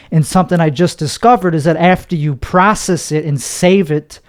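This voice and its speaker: A nervous young man hosts a solo podcast, rambling and cursing as he talks. His voice sits high for a man and comes across smooth and clear. He keeps trying to calm himself down and slow his pace. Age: young adult. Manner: anxious, rambling, heavy cursing. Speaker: podcast host.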